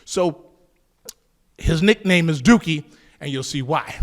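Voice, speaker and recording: A man from Southern California telling a street story in an animated, profane, laughing way. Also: on the high side, slow pace. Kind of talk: casual story told to camera.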